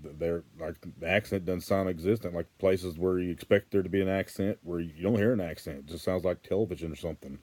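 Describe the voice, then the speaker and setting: A man's voice: low-pitched, dark tone, no room sound. A man from Arkansas with a Western Arkansas Southern accent, talking earnestly to camera in a rambling, casual vlog. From Arkansas, USA. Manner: rambling, earnest, frequent fillers and restarts. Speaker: vlogger.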